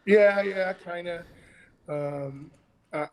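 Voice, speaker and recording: A man's voice: high-pitched, very slow, a little mellow, long reverb tail, slight background noise, poor audio. A man co-hosting a casual chat about children's ministry puppetry, talking in a rambling way with many restarts.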